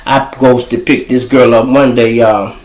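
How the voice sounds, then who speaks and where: A man telling casual, profane street stories as host, animated and swearing freely. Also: a little slow, roomy sound, poor audio. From Chicago. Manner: animated, profane, jumps to high voices for quoted people. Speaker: storyteller host.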